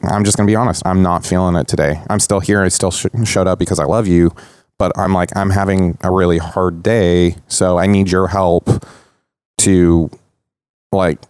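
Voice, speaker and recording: A man's voice: sits low, flat delivery, moderate pace, a little mellow, clean tone, no room sound, studio quality. A man hosting a casual podcast roundtable, explaining ideas in an earnest, talkative way. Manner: teasing, then earnest and explanatory. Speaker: podcast host. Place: indoor podcast recording.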